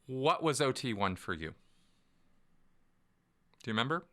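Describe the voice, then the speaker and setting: A man's voice: mid-range voice, very animated, a little slow, pushed and bright. A man hosting a podcast interview, prompting his guest and affirming what he says. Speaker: podcast host. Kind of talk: conversational interview.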